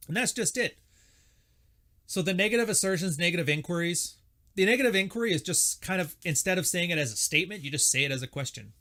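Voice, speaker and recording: A man's voice: a little high, lively intonation, fast talker, pushed and bright. A man giving a casual lecture monologue, blunt and wry in his delivery. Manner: blunt and wry, acts out quoted lines in mocking voices. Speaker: self-help lecturer.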